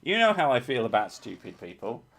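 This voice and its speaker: A man's voice: mid-range voice, sing-song, a little fast, noisy background. A man hosting a casual live stream, reading chat with dry, sweary teasing.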